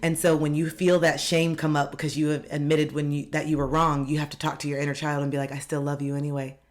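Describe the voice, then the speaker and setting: A life coach giving a self-help video talk, earnest and reassuring, repeating gentle affirmations and speaking straight to viewers. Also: medium pitch, flat delivery, quick pace. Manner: speaks directly to viewers, coaxing them to open up.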